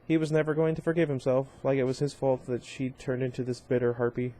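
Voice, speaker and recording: This man reads a novel aloud in a casual, unpolished way, his mellow, mid-pitched voice delivered flatly at a quick pace. Now and then he stumbles on a word, fixes it, and adds a brief aside.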